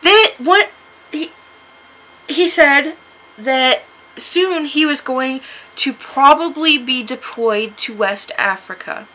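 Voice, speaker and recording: A woman from the United States telling a story to camera in a casual vlog. She is sarcastic, laughs often and jumps to a high, shrill voice when she acts out her own replies. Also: takes it slowly, sharp tone, poor audio. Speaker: vlogger.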